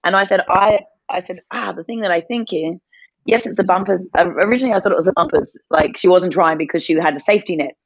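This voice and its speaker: A woman's voice: on the low side, fast talker, dry recording, muffled recording. A woman co-hosting a morning mindset session, telling a family story in a chatty, rambling way and laughing often. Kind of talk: casual chat, storytelling.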